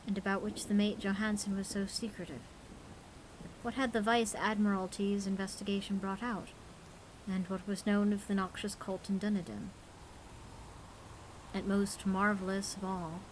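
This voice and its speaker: A woman's voice: mid-range voice, slight background noise, rough recording. Tired woman reading a horror story. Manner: earnest reading, curses at her own slips. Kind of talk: live-streamed story reading.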